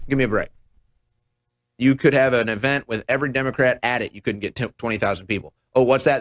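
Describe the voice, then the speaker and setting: A man's voice: medium pitch, no room sound, clean studio sound. A man in his thirties hosting a political talk show, commenting with sarcasm and mocking impressions. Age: 30s. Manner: sarcastic, mocking, animated mimicry. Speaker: show host.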